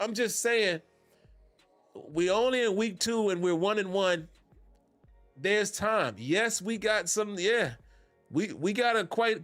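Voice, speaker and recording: A man's voice: high-pitched, fairly bright tone, dry recording. Laid-back man hosting a fan podcast. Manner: laid-back Southern-tinged slang, laughs often. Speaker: podcast host. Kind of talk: casual podcast commentary.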